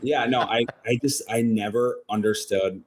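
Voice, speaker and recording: In a casual video chat interview, a young man with a Wisconsin accent talks as a guest about his time on a reality show. He seems a little sleepy but tries to keep his energy up. His voice is fairly low and fairly even, at a moderate pace.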